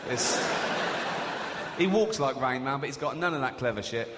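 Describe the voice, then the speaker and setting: In front of a loud theatre crowd, a middle-aged comedian talks fast in an expressive, medium-pitched voice, telling crude, sarcastic, self-mocking stories. The live hall recording carries heavy background noise and audience laughter.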